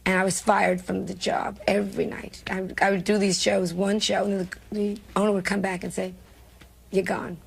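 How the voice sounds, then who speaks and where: A woman's voice: medium pitch, flat delivery, normal speed, gravelly, husky. An older woman with a New York accent, a comedian telling brash, self-mocking stories in an interview. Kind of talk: candid interview storytelling.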